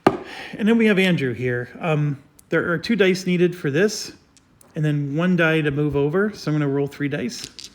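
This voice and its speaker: A man's voice: on the high side, animated, moderate pace. A man hosting a board game playthrough, explaining each move step by step with frequent fillers. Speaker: host.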